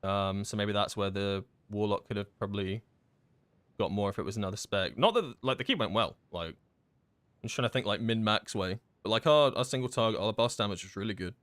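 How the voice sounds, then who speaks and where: A man streaming a game in casual chat, rambling and chatty with many fillers and quick laughs. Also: lowish voice, fairly bright tone, no echo. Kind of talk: casual live-stream chat while gaming.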